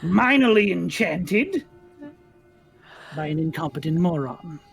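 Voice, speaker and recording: A man's voice: sits high, animated, slow pace, vocal fry, husky, faint music behind, exaggerated voice. A man voicing a rude, grumpy female hag who runs a shop, blunt and sarcastic with her customers in a tabletop game. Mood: surly.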